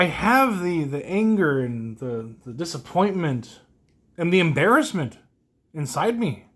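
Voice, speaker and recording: A young man hosting a solo podcast, talking in an emotional, rambling, self-deprecating way with small laughs. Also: fairly high pitch. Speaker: podcast host. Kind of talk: casual solo podcast monologue.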